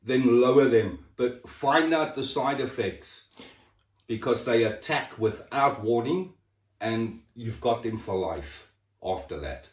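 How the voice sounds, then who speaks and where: A man's voice: medium pitch, animated, slow, distant mic. A man pouring out his health struggles in an emotional, raw, sweary chat. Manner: raw, emotional and swearing, with sudden drops in level. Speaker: person sharing his health story. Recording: echoey room, voice set back from the mic.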